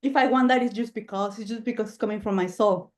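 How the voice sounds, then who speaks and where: A woman hosting a podcast interview, talking in a heated, animated way and swearing freely. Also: medium pitch, fast talker. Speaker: podcast host. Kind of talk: casual interview chat.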